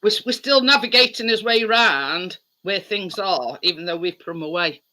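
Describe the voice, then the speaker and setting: Storytelling with lots of laughs, a man hosts a relaxed livestream chat via video call. His voice sits high with a sharp tone, animated at a moderate pace.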